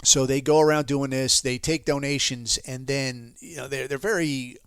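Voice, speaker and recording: A man's voice: mid-range voice, fairly even intonation, normal speed, fairly bright tone, clear, resonant tone, no room sound, clean studio sound. A man hosting his own podcast, ranting casually in a rambling, profane, sardonic way. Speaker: podcast host.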